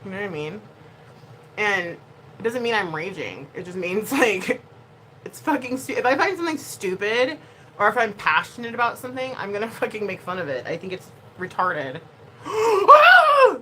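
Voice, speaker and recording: A woman vlogger talks straight to her camera in a loose, casual way. Her voice leaps around in pitch with a bright, forward edge, and she keeps moving between quiet mutters and sudden loud bursts. A faint hiss sits under the recording. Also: moderate pace, poor audio. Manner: animated, expressive, swings between soft and loud. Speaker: YouTuber.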